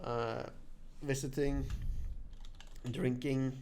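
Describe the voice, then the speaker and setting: A laid-back man hosting a podcast, talking slowly and loading his speech with fillers. His voice sits at an ordinary pitch. He shifts between casual chat and reading from notes. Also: little pitch movement, a little mellow, slight background noise. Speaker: podcast host.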